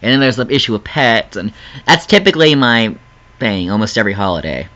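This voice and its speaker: Bright-voiced young man, lo-fi vlog. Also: fairly low pitch, animated, fairly quick. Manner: rambling, emotional, laughs often, earnest. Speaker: vlogger. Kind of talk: casual personal vlog.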